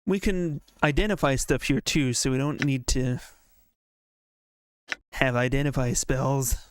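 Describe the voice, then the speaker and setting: A man chatting casually while streaming a game, thinking out loud and reading the game text aloud. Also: medium pitch, steady tone, unhurried, clean tone, dry recording. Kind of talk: casual let's-play commentary.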